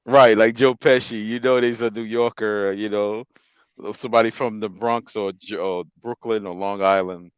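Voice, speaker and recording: A man's voice: fairly low pitch, fairly even intonation, moderate pace, clean tone, no room sound. Man, casual sports podcast chat, laughs a lot, trailing-off phrase ends, dry close sound, a bit dull. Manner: laughs often, drops his voice at phrase ends. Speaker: podcast co-host.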